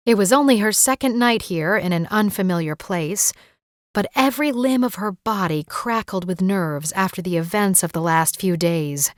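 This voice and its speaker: A woman narrating a romantic suspense audiobook in a steady, suspenseful reading. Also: lowish voice, no echo, clean studio sound. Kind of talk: scripted narration.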